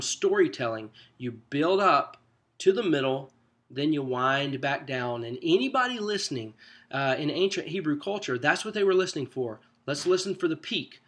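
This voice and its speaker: Man coaching group leaders, relaxed and chatty. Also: fairly high pitch. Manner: conversational teaching, frequent fillers and restarts, lively stress. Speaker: church small group coach. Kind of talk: casual coaching talk.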